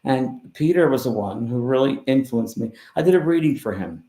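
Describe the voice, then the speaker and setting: Gravelly-voiced man telling stories. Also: mid-range voice, normal speed. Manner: animated storyteller who swings between loud and hushed. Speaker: spiritual medium, guest. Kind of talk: casual storytelling interview. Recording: roomy echo.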